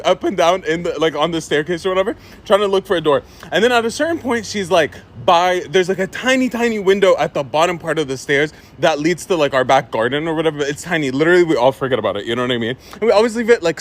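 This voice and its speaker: A young man from Egypt telling a funny childhood story in a casual, animated way, laughing often. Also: on the high side. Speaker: social media storyteller.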